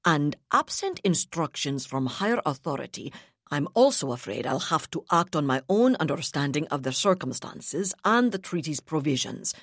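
A woman's voice: deep voice, big pitch swings, moderate pace, no room sound, studio quality, heavily acted. A woman voicing an arrogant, scheming male colonial governor who speaks coldly and condescendingly. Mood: haughty. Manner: cold, inflexible, condescending.

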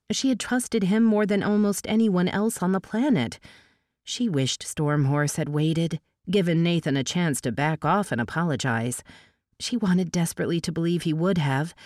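A woman reading a novel aloud as an audiobook narrator, giving the dialogue a lift in pitch. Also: a little mellow, dry recording, studio quality.

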